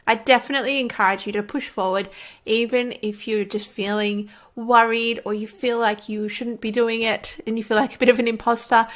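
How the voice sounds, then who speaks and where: A woman's voice: on the high side, fairly even intonation, brisk. A woman who makes online courses, talking casually to camera in an encouraging, chatty way and laughing often. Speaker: online course creator and coach. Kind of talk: casual talk to camera teaching.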